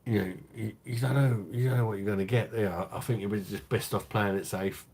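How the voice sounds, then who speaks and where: Crude, low-voiced man chatting. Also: fairly even intonation, a little fast, darkish tone, breathy edge. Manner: laughing, crude banter with chat. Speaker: live stream host. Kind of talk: casual live stream chat.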